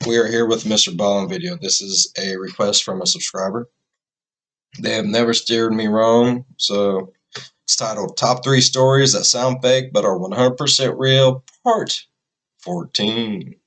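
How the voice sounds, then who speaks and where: A man's voice: on the low side, measured pace, a bit bright. A man hosting a reaction video, talking in a casual, rambling way. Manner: rambling and chatty.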